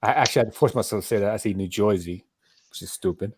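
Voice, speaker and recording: A man's voice: lowish voice, racing, slightly rough, no echo. A man from Colorado chatting casually on a podcast, rambling and repeating himself as he talks. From Colorado, USA. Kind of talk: casual chat.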